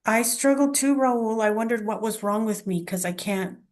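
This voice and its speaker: A woman hosting an interview, speaking earnestly and gratefully and often murmuring soft affirmations. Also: on the high side, normal speed. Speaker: interview host. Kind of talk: casual conversation.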